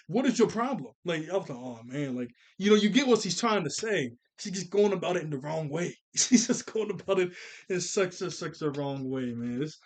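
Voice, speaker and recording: A man rambles through a casual commentary on an anime film, laughing often and doubling back when he loses the thread. His speaking voice sits a bit high for a man, and his delivery stays loose and slangy throughout. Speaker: anime reviewer.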